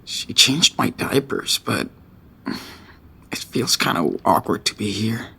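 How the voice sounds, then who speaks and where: An actor playing a weary teenage boy on the run, musing quietly in a wry inner monologue for a video game. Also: on the low side, expressive, slow pace, gravelly, husky, heavily acted.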